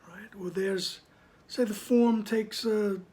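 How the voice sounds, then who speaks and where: Reading a spiritual text aloud, this man, a reader and teacher, adds reflective commentary in a soft, high, steady voice that often drops to a whisper. He moves through passages slowly and emphatically, regularly checking in with the listener.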